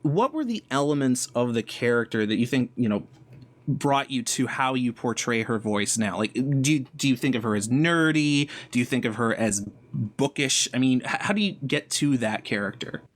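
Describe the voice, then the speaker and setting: A male interviewer asks long, rambling questions in a friendly way. His pitch sits in the middle of the range. He pads his questions with fillers as he goes. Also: lively intonation, normal speed.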